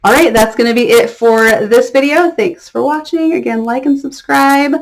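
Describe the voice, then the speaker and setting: A woman's voice: high voice, normal speed, gravelly. Chatty woman giving teaching advice. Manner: friendly, chatty, often adds "okay?" to check in. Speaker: online ESL teacher and mentor. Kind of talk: casual advice vlog.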